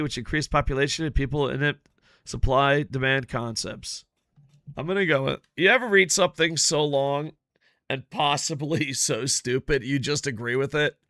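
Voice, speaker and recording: Bright-voiced swearing gaming streamer man. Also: fairly high pitch, no room sound, studio quality. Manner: profane, rambling, animated storyteller; chats with viewers while playing. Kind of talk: casual live-stream chat over gameplay.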